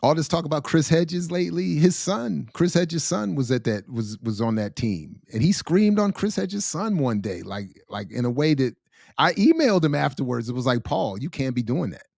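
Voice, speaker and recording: Slangy, animated man host. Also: a little high, moderate pace, vocal fry, no room sound, clean studio sound. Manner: animated, slangy, laughs often. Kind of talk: casual livestream chat.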